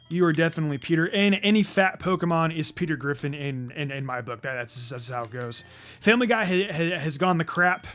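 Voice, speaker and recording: Stammering man commenting on a game. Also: on the high side. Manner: stammering, repeats words, swears when annoyed. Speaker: gaming channel host. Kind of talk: let's play commentary.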